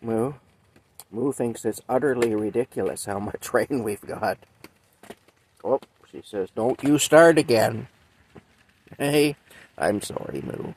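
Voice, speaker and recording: A hoarse man with a sore throat, rambling in a folksy way as he chats with a cow companion and often adds "eh". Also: lowish voice, a little mellow, slight background noise. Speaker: video host reacting to a song. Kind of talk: casual chat to a toy cow.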